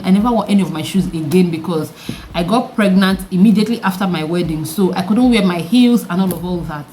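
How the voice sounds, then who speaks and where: A young woman with a deep, mature-sounding voice, chatting candidly to camera in an animated way and throwing questions at her viewers. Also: a little hiss or hum. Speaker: vlogger. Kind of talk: candid vlog chat to camera.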